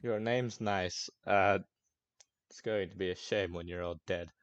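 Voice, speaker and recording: A man's voice: sits low, steady tone, measured pace, clean tone, no echo, muffled recording. A man doing Brax, a sarcastic elf. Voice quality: sarcastic, swears often. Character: nervous, sarcastic elf man, grumpy and rude.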